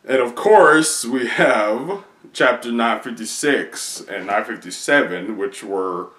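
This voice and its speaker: A man chatting casually as a video creator, rambling excitedly through a recap with many fillers. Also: medium pitch, slow. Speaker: video creator reacting to comics. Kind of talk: casual chat. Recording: roomy echo.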